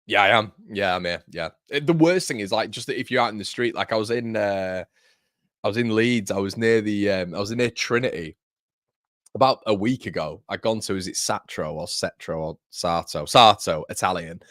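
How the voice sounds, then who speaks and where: A man's voice: lowish voice, normal speed, a bit bright, no room sound, clean studio sound. A young man hosting a live fan watchalong, chatting casually and reading viewer comments aloud in a matey way. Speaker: fan channel host. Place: home studio.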